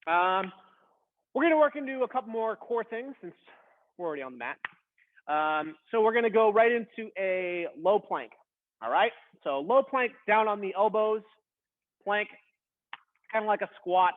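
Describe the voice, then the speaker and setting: A man instructing a beginner workout, coaching in a casual, encouraging way while straining through a plank. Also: sits high. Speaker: fitness instructor. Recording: tinny phone-like sound.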